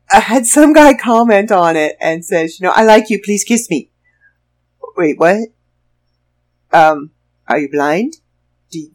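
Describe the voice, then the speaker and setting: A woman, an author and show host who lives in Florida, telling stories in a chatty, wry and sarcastic way and laughing often. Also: on the low side. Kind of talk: casual storytelling monologue.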